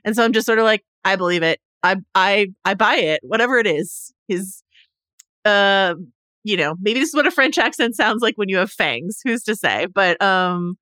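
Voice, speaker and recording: A woman's voice: mid-range voice, expressive, sharp tone, dry recording, studio quality. A woman co-hosting a casual pop-culture chat, chatty and playing out imagined dialogue. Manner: chatty, quick restarts, plays out imagined dialogue. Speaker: podcast co-host.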